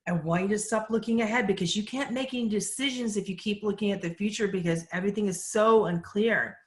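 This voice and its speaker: A woman medium speaks calmly and gently, passing on messages in measured phrases. Her voice sits at an ordinary middle pitch. It rings in a roomy, echoing space. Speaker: psychic medium. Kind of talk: casual live Q&A.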